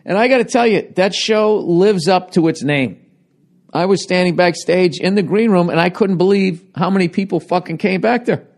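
A man's voice: high-pitched, moderate pace. Profane, ranting man with a cracking voice. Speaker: stand-up comedian and podcaster. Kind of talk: solo podcast monologue. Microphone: handheld recorder.

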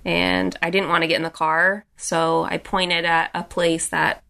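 Young woman with a slightly low voice, chatty storytelling, lots of "like" and restarts. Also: little pitch movement, measured pace, vocal fry, sharp tone. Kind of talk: personal storytelling.

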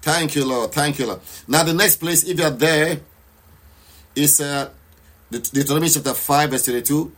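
A man's voice: on the high side, moderate pace, a bit bright. A man preaching and leading a live prayer session, urging listeners to declare aloud and pray with passion. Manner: repeats declarations with rising intensity. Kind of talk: fervent live sermon and prayer.

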